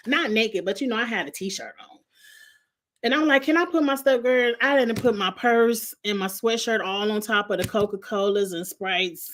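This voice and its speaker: Woman vlogger, chatty comic storyteller, slangy, laughs a lot, mid-pitched voice. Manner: lively, slangy, laughs often through the story. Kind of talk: casual comedic storytelling.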